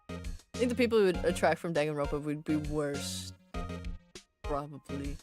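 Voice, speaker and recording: A woman's voice: low voice, lively intonation, normal speed, music in the background. A woman streamer chatting casually while playing a game, giggly, swearing and making self-mocking asides. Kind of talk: casual let's-play chat.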